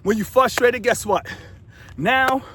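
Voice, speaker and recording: A man's voice: extremely high pitch, takes it slowly, a bit bright, slight background noise. A man giving a casual motivational monologue to his viewers, preachy and repetitive, full of rhetorical questions, filmed outdoors in a remote desert spot. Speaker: motivational vlogger.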